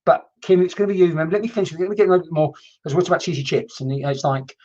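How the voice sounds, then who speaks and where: A man hosts a live-streamed mediumship session, talking in a rambling, chatty way full of restarts and mild swearing. His voice sits a little high and has a husky edge. The home stream audio is muffled and lo-fi. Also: fairly even intonation, racing, a little mellow. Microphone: computer mic.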